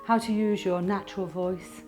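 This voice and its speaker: A woman's voice: mid-range voice, steady tone, moderate pace, a little mellow, soft background music, close to an everyday voice. A woman voicing an affected, posh stage speaker who declaims theatrically. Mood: grandiose.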